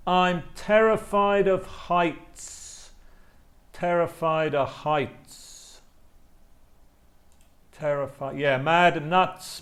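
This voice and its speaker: Male teacher, slow and deliberate, mid pitch, repeats words. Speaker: English teacher. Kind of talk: live online class.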